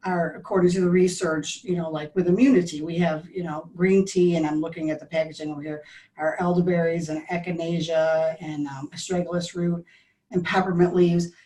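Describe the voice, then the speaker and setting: A middle-aged woman speaking as an interview guest in a lowish voice. She rambles in a nervous, chatty way, restarting sentences and losing her thread. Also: fairly even intonation, brisk, warm tone, far from the mic, rough recording. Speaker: guest, tea business co-owner. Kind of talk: casual interview chat.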